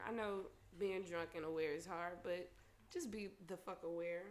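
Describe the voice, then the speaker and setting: A young woman hosting a podcast, telling a profane story in a loud, laughing, animated way. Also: on the low side, moderate pace. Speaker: podcast host. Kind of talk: casual storytelling chat.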